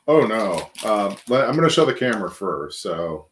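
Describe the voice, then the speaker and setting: A man's voice: fairly low pitch, sing-song, normal speed, few pauses, a bit bright, slight background noise. A man co-hosting a casual snack tasting show who rambles, circling his points with lots of likes and you-knows.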